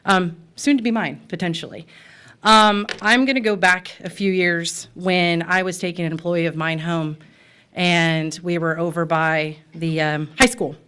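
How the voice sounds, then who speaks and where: A woman's voice: fairly low pitch, steady tone, a little slow, fairly bright tone, clear, resonant tone. An American woman and pet store owner speaking at a city commission meeting, impassioned and emotional, with frequent fillers. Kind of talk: public comment at a city meeting.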